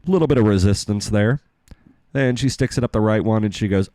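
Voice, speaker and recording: Low-voiced man telling a crude story. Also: fairly quick, mellow, no echo, clean studio sound. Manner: crude, self-mocking storyteller. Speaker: show host. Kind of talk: casual storytelling chat.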